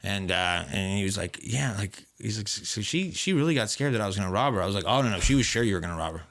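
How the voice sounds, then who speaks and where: A man co-hosting a podcast, telling a workplace story in casual, profane, animated chat. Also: on the low side, gravelly. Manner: profane, animated retelling with quoted voices; fast, rambling with fillers. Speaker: podcast co-host.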